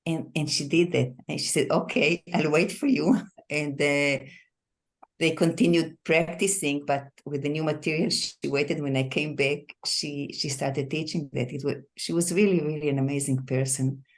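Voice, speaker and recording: A woman giving a soft, warm-hearted tribute on a video call, laughing now and then and repeating words. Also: deep voice, steady tone, normal speed. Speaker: qigong student at a memorial meeting. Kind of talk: personal tribute.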